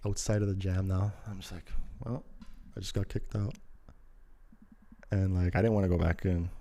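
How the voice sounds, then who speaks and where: Young male storyteller, casual and rambling, slangy, mellow low voice. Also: gravelly. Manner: rambling, slangy, acts out quoted lines.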